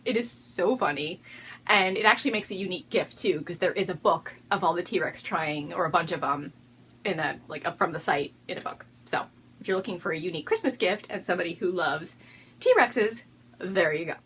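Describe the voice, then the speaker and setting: A woman's voice: fairly low pitch, brisk, a bit bright, a little hiss or hum. A woman hosting a casual video podcast, chatting in a bubbly way and often breaking into laughter. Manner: giggly, bubbly, prone to fits of laughter. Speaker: podcast host.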